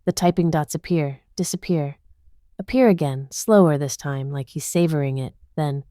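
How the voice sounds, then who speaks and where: A woman's voice: deep voice, normal speed, warm tone, no echo, studio quality. A woman narrating a dramatic first-person story with a tense inner-monologue delivery.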